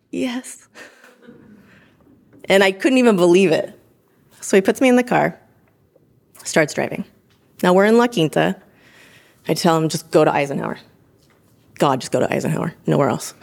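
A woman in her thirties, an emergency room provider, telling her own story in an interview, lively and animated. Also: on the low side, vocal fry. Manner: lively, animated retelling with laughs and acted-out quotes. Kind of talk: personal story told in interview.

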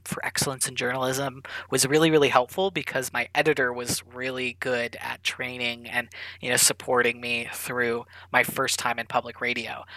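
A man's voice: medium pitch, sharp tone, dry recording, rough recording. A young man in his twenties, a public radio reporter, answering interview questions casually with many fillers.

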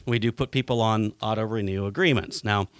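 A man hosting a podcast, telling stories in a lively way and swearing freely. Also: on the low side, fairly quick, clear, resonant tone, no room sound, clean studio sound. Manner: animated storytelling, swearing freely. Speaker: podcast host. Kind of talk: casual podcast chat.

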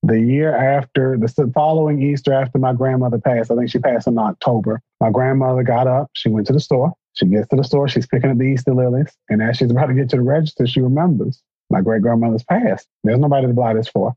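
A man in casual chat, telling family stories in an earnest, reflective way, with a husky voice. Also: mid-range voice, fast, few pauses, no room sound. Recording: dull, dry recording.

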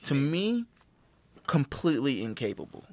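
A man's voice: mid-range voice, sing-song, moderate pace, no room sound. A man co-hosting a casual podcast chat, giving rambling, profane opinions with lots of fillers.

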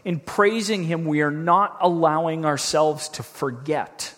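A man preaching a sermon as a pastor, earnest and reflective, slowing down to read scripture aloud. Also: a little high, a bit bright, in a large hall. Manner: earnest, reflective, slows down when reading scripture.

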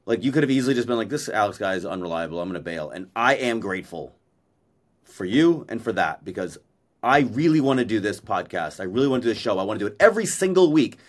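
This Maui-based podcast co-host keeps the chat casual, blunt, and profane on a video call, labeling himself a verbal processor. He talks fast and expressively in a mid-range voice.

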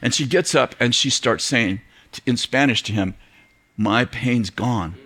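A middle-aged man preaching to a church audience, telling a story in an animated way, acting out quoted voices and laughing often. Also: mid-range voice, normal speed, breathy edge. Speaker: pastor. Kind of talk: storytelling sermon.

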